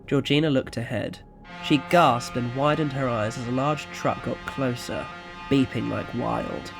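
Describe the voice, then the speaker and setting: A man narrating an audio story in a quiet, even storytelling manner. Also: medium pitch, unhurried, creaky, music in the background.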